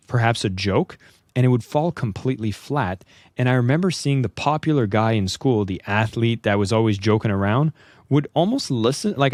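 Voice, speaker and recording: A man's voice: medium pitch, a little mellow, dry recording. A man hosting a podcast who talks thoughtfully and searches for his words with fillers and restarts. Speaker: podcast host. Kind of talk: conversational interview.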